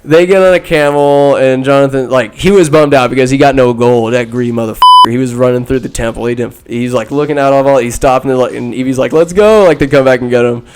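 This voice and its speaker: A man hosting a podcast, telling a movie recap in a rambling, animated way and acting out the characters' lines. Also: mid-range voice, quick pace, hardly any pauses. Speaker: podcast host. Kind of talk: casual solo movie recap.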